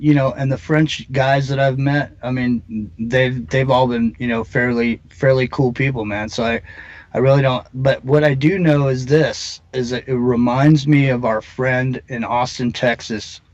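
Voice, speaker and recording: A man's voice: mid-range voice, steady tone, a little slow, a little mellow, no echo, lo-fi sound. A man speaking as a guest on a talk show, rambling through his points with lots of fillers and restarts. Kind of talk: casual conversation.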